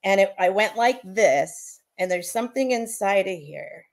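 Woman vlogger, slow and teary, gushing and rambling over gifts. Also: medium pitch, lively intonation. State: teary after crying. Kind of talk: casual livestream chat.

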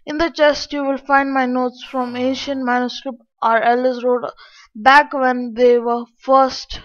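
A woman's voice: high-pitched, flat delivery, measured pace. A woman reading out the lines of a helpful old male wizard in a game story. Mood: explaining. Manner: helpful, explaining. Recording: dull lo-fi.

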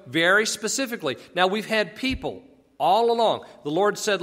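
A man's voice: sits high, animated, normal speed, fairly bright tone. A man casually teaching a Bible passage, explaining conversationally and asking rhetorical questions. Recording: long echoey reverb.

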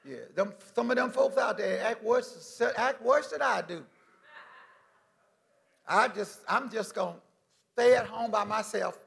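A man's voice: high-pitched, measured pace, creaky, pauses often, a bit bright, exaggerated voice. A man preaching who briefly voices a reluctant man who stays home from church, grumbling and making excuses.

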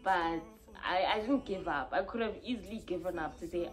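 A woman's voice: on the low side, moderate pace, music in the background. A young woman, venting candidly to camera in a confessional vlog, rambling and heartfelt with many fillers and restarts. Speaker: vlogger.

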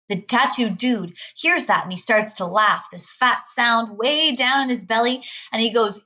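A woman reading a novel aloud in a lively first-person storytelling manner. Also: on the high side, measured pace, hardly any pauses, low-quality recording. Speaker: reader.

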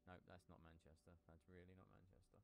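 A man's voice: sits low, level tone, fast talker, creaky. A man streaming a game, reading its text aloud in put-on voices, swearing casually between lines. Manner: shouts out workout cues. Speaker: gaming and fitness streamer. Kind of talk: casual gameplay commentary.

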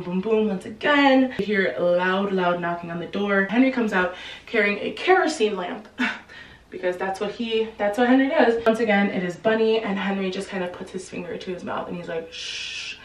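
A woman casually retelling a novel's plot in a chatty, slangy way, quickly acting out the characters' lines. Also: medium pitch, roomy sound, distant mic, low-quality recording. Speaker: book explainer. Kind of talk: casual book recap.

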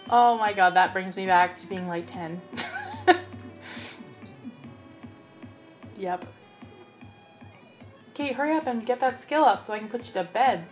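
A woman's voice: mid-range voice, moderate pace, pauses often. Young woman, let's play host, chatty gameplay commentary, bosses her characters around, faint music behind.

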